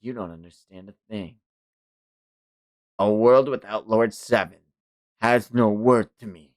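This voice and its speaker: A man voicing a brooding young male fighter who speaks low and subdued. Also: fairly even intonation, measured pace, no echo, natural voice. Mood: quiet resolve.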